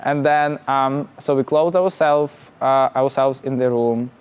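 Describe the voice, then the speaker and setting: A young man from Russia, a startup founder telling his story casually in halting, English. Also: medium pitch, steady tone, smooth, dull audio. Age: young adult. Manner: halting, many restarts and laughs, plain non-native phrasing.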